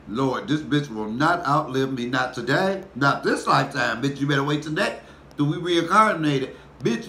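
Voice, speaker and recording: Comic, cussing rant, mid-pitched voice, echoey room, faint hiss. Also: male voice. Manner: profane, animated storytelling. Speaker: comedian vlogger. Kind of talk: casual mukbang rant.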